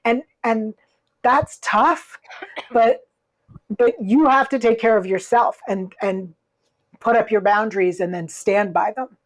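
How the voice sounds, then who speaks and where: A woman's voice: a little high, a little slow. A woman appearing as a podcast guest, speaking in a thoughtful way and picking up the conversation thread. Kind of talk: casual chat.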